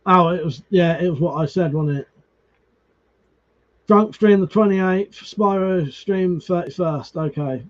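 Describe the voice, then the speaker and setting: A man whose voice sits high talks a little slowly while casually chatting with his live-stream viewers. He reads their comments, greets them by name, swears freely and restarts words, and the audio is dull and lo-fi.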